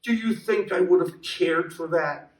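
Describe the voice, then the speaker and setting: A man's voice: high-pitched, unhurried, roomy sound, far from the mic, poor audio. A man reading a story aloud, voicing a distressed young woman who pleads to be understood. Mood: passionate. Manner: pleading, breathless.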